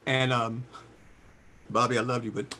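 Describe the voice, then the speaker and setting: A man in his sixties, a singer, telling lively stories in a casual interview and jumping into high voices for quotes. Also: a little slow, noisy background. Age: 60s. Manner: animated storyteller, jumps into high voices for quotes. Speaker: singer and guest.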